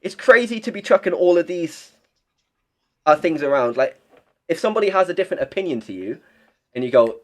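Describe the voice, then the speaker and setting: A man's voice: on the high side, lively intonation, brisk, pauses often. Young man, podcast guest; blunt, rambling, casual swearing. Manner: rambling, blunt, swears freely, many restarts. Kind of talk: casual chat.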